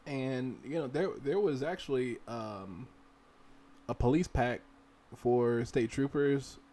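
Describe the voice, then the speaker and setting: Slow-paced, with a medium pitch and dark tone, a male gaming streamer rambles as he demonstrates game modding on a shared screen. He addresses viewers directly and urges them to try things out on their own.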